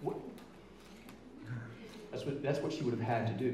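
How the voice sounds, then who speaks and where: Middle-aged male speaker, emphatic and energetic, recorded live in an echoey hall with faint room noise. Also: medium pitch, moderate pace, far from the mic. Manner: energetic, emphatic, stretches key words. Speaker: featured speaker. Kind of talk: live motivational presentation. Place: large event hall.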